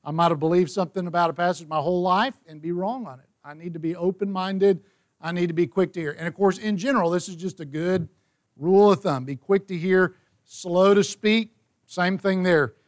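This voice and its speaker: A man with a voice that sits high speaks a little fast while leading a Bible study. He reads verses aloud and explains them conversationally.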